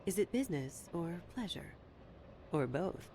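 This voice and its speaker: A sultry, low-voiced club hostess. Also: female voice, sing-song, unhurried. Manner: soft, sultry, half-whispered. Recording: game audio with clear background noise.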